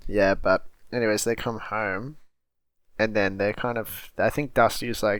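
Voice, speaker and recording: A man's voice: lowish voice, steady tone, moderate pace, fairly bright tone, no room sound. A man co-hosting a podcast, chatting casually about a film, blunt and joking, swearing freely. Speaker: podcast co-host. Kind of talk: casual movie review chat.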